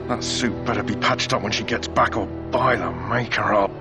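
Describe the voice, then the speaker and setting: An actor playing a fussy army quartermaster in a fantasy video game, flustered and then sly as he offers goods on the side, with loud game music behind him. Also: fairly low pitch, normal speed, natural voice. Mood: gruff. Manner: flustered, then conspiratorial and salesy. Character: fussy middle-aged male army quartermaster.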